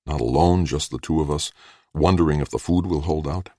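A man's voice: very deep voice, a little fast, mellow, dry recording, studio quality. A man reading aloud voices a weary, troubled man in an audiobook, speaking in earnest.

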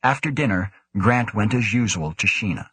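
A man narrating an audiobook in a steady, measured scripted reading. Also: on the low side, breathy edge, no room sound.

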